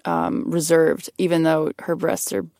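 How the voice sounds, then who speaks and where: Woman, podcast co-host, vocal fry, blunt, dry close sound. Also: deep voice, little pitch movement, a little slow, warm tone, no echo. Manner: blunt, filler-heavy with frequent likes. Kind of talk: casual chat.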